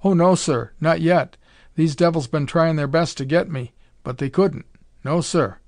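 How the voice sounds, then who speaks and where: A stammering, proud ship's cook, as a male narrator puts him on, pitched well above the reader's own voice. He speaks in rough, folksy grammar, and the sound is dry and close. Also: lively intonation, a little slow, a little mellow, no echo.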